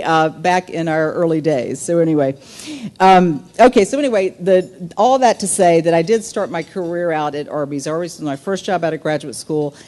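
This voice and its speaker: A woman's voice: on the low side, darkish tone. A Southern woman in her fifties giving a luncheon keynote, telling stories with many fillers and asides. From Southern United States. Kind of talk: speech to a business audience.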